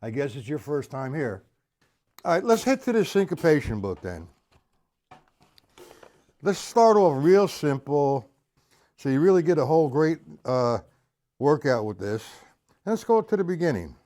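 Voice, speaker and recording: A man's voice: on the high side, sing-song, a little slow, long pauses, dark tone. A man teaching drums on a live stream, chatting casually and counting beats aloud. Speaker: drum teacher. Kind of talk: live-streamed drum lesson.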